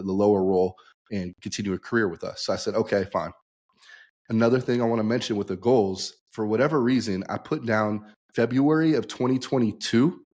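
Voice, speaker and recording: Young man telling a lively story. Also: on the low side. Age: young adult. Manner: animated storyteller, acts out quoted dialogue. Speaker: podcast guest. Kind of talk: storytelling in a podcast interview.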